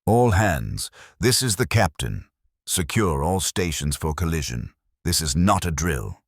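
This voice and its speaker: A man's voice: extremely low pitch, big pitch swings, measured pace, no room sound, clean studio sound, heavily acted. A man voicing a stern Second World War submarine captain who speaks in clipped, commanding orders in a scripted horror story. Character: stern WWII submarine captain, steady under pressure.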